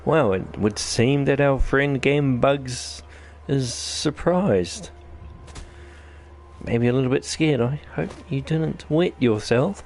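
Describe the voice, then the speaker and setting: A man's voice: medium pitch, slow, darkish tone, a little hiss or hum. A man with a New Zealand accent giving rambling, jokey let's-play commentary as host of his gaming channel. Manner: rambling, jokey, self-deprecating chatter.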